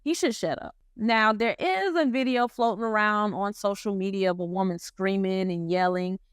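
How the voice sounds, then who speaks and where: A woman's voice: mid-range voice, moderate pace, clear, resonant tone, dry recording, studio quality. A woman casually retelling a story in slangy commentary, acting out the quotes as she goes. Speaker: commentary host.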